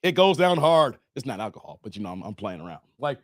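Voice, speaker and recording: A man's voice: medium pitch, big pitch swings, fast, no echo, studio quality. A man in his forties from the Chicago area, hosting a casual livestream and talking in a joking, slangy, emphatic way with frequent laughs. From Chicago area, United States. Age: 40s. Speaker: livestream host.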